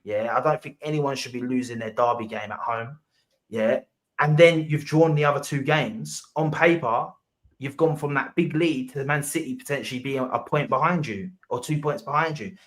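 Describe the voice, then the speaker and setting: A man's voice: mid-range voice, moderate pace, a bit bright. A man in a heated casual football debate, insistent and repeating himself to make his point. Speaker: football panel guest.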